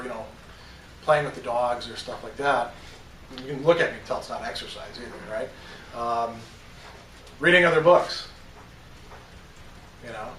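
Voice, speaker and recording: A man's voice: a little high, fairly bright tone, a little hiss or hum. Man lecturing in an echoey classroom. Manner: conversational, self-deprecating, lots of "you know". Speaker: philosophy professor. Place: college classroom. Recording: echoey room, mic far off, faint ambience.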